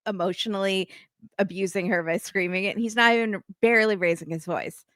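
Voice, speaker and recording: A woman's voice: mid-range voice, fairly even intonation, a little fast, a bit bright, no room sound, studio quality. A woman co-hosting a casual chat about a reality show, with wry, sarcastic commentary. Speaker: podcast co-host.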